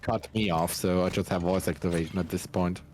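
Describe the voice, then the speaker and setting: A man explaining things haltingly with lots of fillers in casual gaming chat. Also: deep voice, steady tone, darkish tone, a little hiss or hum.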